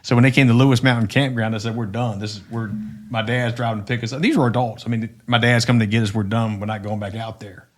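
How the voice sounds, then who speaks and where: Middle-aged male co-host, swearing storyteller who restarts his sentences a lot, average pitch. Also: steady tone, fast. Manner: rambling, profane, frequent restarts. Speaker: podcast co-host. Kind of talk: casual storytelling chat.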